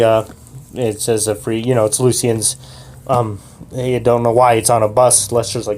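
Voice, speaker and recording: A woman's voice: a bass voice, little pitch movement, normal speed, a little mellow. A woman improvising a comedy story in a chatty, giggly way.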